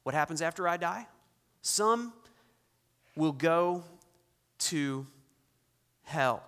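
A male pastor preaching a sermon, shifting from loud emphatic lines to hushed, intense ones. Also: on the high side, expressive, extremely slow, smooth. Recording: long reverb in a large hall.

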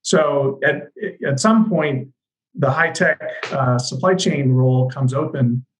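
Relaxed man telling his story. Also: medium pitch, takes it slowly, slight background noise, low-quality recording. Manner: relaxed storytelling with frequent you-knows. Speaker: industry analyst guest. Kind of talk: conversational interview.

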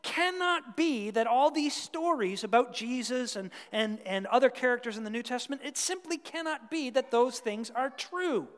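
A preacher voicing a condescending modern skeptic who dismisses old beliefs emphatically. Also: male voice, extremely high pitch, normal speed, hardly any pauses, fairly bright tone, voice pushed up. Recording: long reverb of a large hall.

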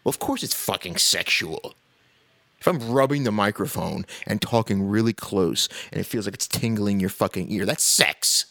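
A man's voice: lowish voice, moderate pace, vocal fry, a bit bright. A man hosting a podcast, ranting in a casual, blunt, profane way with sarcastic asides and laughs between points. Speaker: podcast host.

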